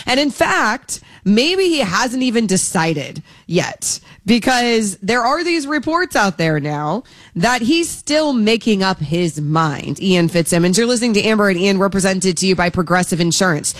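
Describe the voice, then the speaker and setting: A woman co-hosting a sports talk radio show from the studio, chatty and playful even though she is feeling sick. Her voice sits in the middle range, recorded dry and close on a studio mic. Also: medium pitch, dry recording. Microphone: studio microphone.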